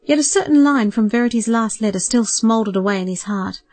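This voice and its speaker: Calm woman narrating a novel. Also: on the high side, no room sound. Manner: calm, measured storytelling. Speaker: audiobook narrator. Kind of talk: scripted narration.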